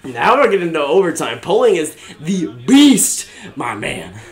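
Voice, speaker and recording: A young man live streaming a watch-along, excitable, swinging from low muttered remarks to shouting and laughing. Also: unhurried.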